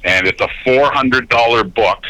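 A man's voice: mid-range voice, moderate pace, no room sound, low-quality recording. A man, a radio announcer telling stories as a guest and acting out the people he quotes. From Canada. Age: 50s. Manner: animated storyteller who acts out quoted voices. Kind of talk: casual storytelling interview.

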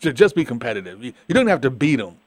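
A man's voice: mid-range voice, sing-song, fast, no echo. A man co-hosting a sports talk show, emphatic and repetitive in a casual rant. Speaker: sports podcast co-host. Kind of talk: casual chat.

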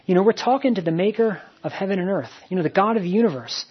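A man's voice: sits high, expressive, fast talker, husky. A man preaching a sermon in a plain, conversational way, telling a story with many fillers and repeated phrases. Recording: dull lo-fi recording.

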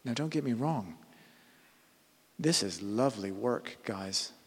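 A man's voice: medium pitch, expressive, takes it slowly, breathy edge, in a large hall. A man preaching a conversational sermon, earnest, often restarting and correcting himself mid-sentence.

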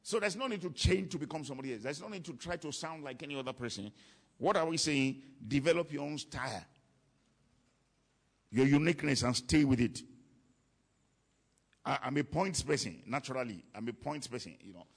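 A man preaches in an emphatic sermon voice, often saying a line twice for weight. His voice sits a little high for a man and carries a husky, breathy grain. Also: lively intonation, quick pace. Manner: emphatic, repeats key lines. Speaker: preacher teaching on ministry.

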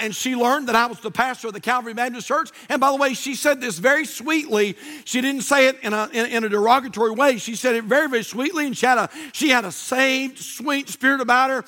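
A male pastor delivers a lively sermon in a very high voice. His tone is bright and ringing. He carries long anecdotes and climbs into shouted emphasis. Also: quick pace, hardly any pauses. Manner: animated storytelling preacher, shouting at peaks. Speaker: Baptist pastor.

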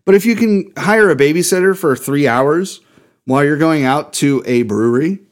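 A man's voice: fairly high pitch, normal speed. A man co-hosting a beer podcast, talking in a heated, emphatic way with plenty of swearing. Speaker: podcast co-host. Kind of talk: casual podcast rant.

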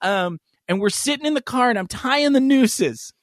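A man's voice: very high voice, expressive, normal speed, no room sound, clean studio sound. A middle-aged man, a podcast co-host, telling rambling, crude stories in casual chat with frequent laughs.

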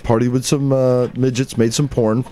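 A man's voice: mid-range voice, level tone, moderate pace, mellow. A man co-hosting a podcast, reading a listener email aloud with chuckling, offhand asides. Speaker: podcast co-host.

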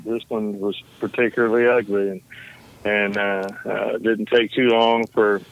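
A man's voice: fairly low pitch, little pitch movement, moderate pace, gravelly, phone-quality sound, a little hiss or hum. A man guest on a podcast, answering interview questions in an earnest, frank way with some hesitation.

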